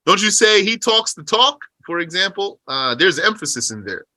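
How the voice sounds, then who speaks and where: A man teaching a religious text. He reads Arabic passages quickly, then explains them slowly in English and asks rhetorical questions along the way. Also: high voice, very animated, bright, forceful tone, no room sound. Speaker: teacher explaining a Qur'an commentary.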